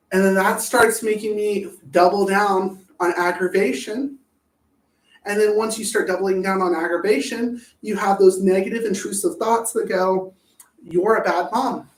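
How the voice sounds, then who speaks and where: A man hosting a live talk on anger management, blunt and profane, swinging between loud outbursts and low asides. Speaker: host. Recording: echoey room, voice far from the mic.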